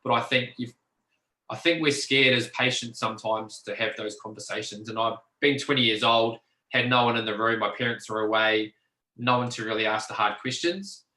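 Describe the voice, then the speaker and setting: A man's voice: medium pitch, normal speed, bright, forceful tone, roomy sound, rough recording. A man telling his story bluntly in an interview, swearing freely and acting out the people he quotes. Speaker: podcast guest.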